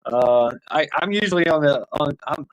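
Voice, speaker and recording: A man's voice: on the high side, expressive, moderate pace, no echo, highs cut off. A man in his fifties hosting a livestream, chatting casually with viewers in a rambling, profane, joking way and chuckling often. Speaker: livestream host reading chat.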